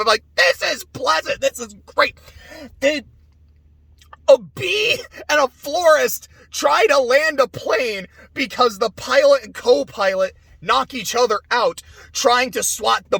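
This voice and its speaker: A man with a notably high voice talks through a movie review off the cuff, rambling and excitable, swearing freely and laughing between thoughts. The recording is dry and close, with no room sound. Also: breathy edge, no echo.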